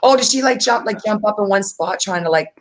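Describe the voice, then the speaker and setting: A woman's voice: mid-range voice, animated, fairly quick. A woman hosting a livestream, talking bluntly and with emphasis in casual chat. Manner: blunt and emphatic, mocks others in quoted voices. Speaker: live stream host.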